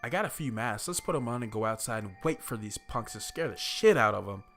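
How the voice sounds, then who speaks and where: A man's voice: mid-range voice, animated, fairly quick, fairly bright tone, faint music behind. A man voicing a rich young male college friend who throws parties, talking in a laid-back, profane stoner way. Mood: eager.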